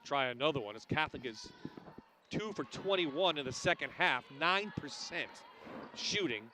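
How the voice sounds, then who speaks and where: A man calling a college basketball game play-by-play, with crisp, clipped calls and light banter with his partner. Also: on the high side, animated, moderate pace, bright, forceful tone, slight background noise. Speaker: play-by-play announcer.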